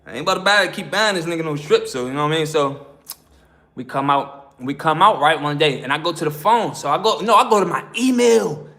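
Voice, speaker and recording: An American man spins a prison story in loose street slang. His voice sits a little high, and he keeps slipping into the voices of the people he quotes. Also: a little fast, pushed and bright. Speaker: prison story channel host. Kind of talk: casual storytelling.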